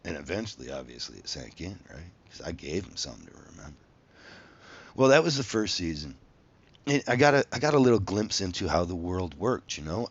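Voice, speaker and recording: A man's voice: sits low, husky, dull audio. A man telling a story from his own past in a casual monologue, swearing freely and acting out the dialogue with animation.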